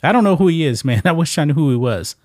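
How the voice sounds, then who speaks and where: A man's voice: on the high side, animated, fast, darkish tone, no echo, studio quality. A man giving casual reaction commentary on a video clip, repeating himself and often saying "man". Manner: casual, repetitive, says "man" a lot.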